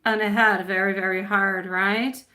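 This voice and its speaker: Woman doing a live tarot stream, chatty and sweet, laughs at herself, bright clear voice. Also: medium pitch, flat delivery, measured pace.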